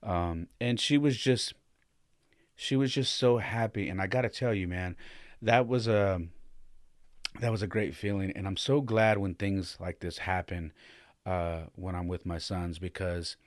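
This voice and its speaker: Speaking at a measured pace, this deep-voiced man, a dad who hosts a podcast, recounts something from his own life. His manner is relaxed and conversational, packed with fillers and sentences he abandons and starts over, and the sound carries no room echo.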